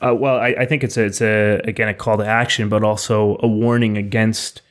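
Flat-voiced man musing on a podcast. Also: fairly low pitch, a little fast. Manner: thoughtful, reflective. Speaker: podcast co-host. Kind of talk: casual discussion of a poem.

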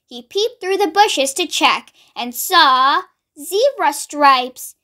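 A young woman hosting a children's read-along, reading slowly, carefully and expressively. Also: high voice, animated, bright, forceful tone. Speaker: storybook read-along host. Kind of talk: children's read-aloud narration.

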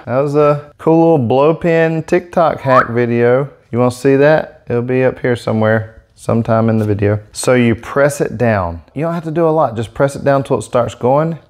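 A man hosting a casual product demo vlog, talking in an excitable, gushing way into a set-up microphone. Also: mid-range voice, normal speed, few pauses. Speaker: airbrush artist demonstrating markers.

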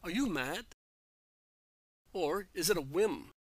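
A man's voice: high voice, animated, takes it slowly, dry recording, full character voice. A man voicing a scornful woman who mocks and questions, in a read-aloud story. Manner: mocking, scornful. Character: mocking woman, scornful gossip.

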